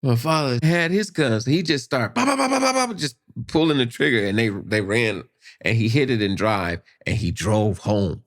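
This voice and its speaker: A man telling a personal story in casual conversation, animated, acting out voices and sound effects. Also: medium pitch, normal speed. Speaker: podcast guest.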